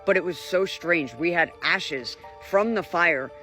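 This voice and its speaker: A man's voice: fairly high pitch, a little slow, bright, forceful tone. A man telling a camping ghost story in an earnest, casual way. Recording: faint music behind.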